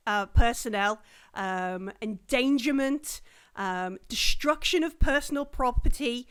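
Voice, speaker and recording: A woman's voice: fairly high pitch, animated, slow, a bit bright, smooth. Woman narrating a tabletop game. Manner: rambling, many fillers and restarts, acts out characters. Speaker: game master.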